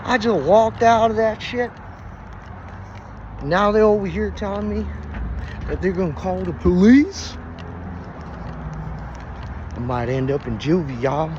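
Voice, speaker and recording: A man with a high voice spins a rambling, foul-mouthed comic tale in loose slang. The sound is muffled and dull, and steady street traffic noise runs behind him. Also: measured pace, pauses often. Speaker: storyteller.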